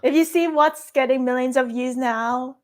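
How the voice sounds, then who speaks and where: A young woman co-hosting a casual chat, blunt and opinionated, with quick asides. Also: high-pitched. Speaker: YouTube co-host.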